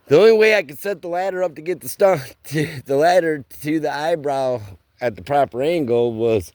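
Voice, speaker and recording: This man's voice is on the high side and a bit mellow, recorded with no room sound. He drifts slowly through a relaxed story about roofing work, speaking in ordinary slang.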